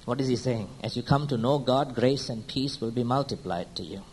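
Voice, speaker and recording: Man preaching, middle pitch, keeps asking the crowd questions, goes quiet then suddenly loud, bit of faint noise. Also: rough recording. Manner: keeps asking the congregation rhetorical questions and checking with "hmm?" and "huh?"; swings between quiet, slow lines and loud, high-pitched bursts. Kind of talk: sermon.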